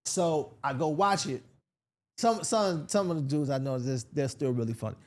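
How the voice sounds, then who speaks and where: A male comedian from Sacramento spins a long story in a relaxed podcast chat. His voice sits a bit high for a man, and he jumps into other people's voices as he tells it. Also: moderate pace. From Sacramento, California. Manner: animated, acts out voices in his stories. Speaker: comedian guest.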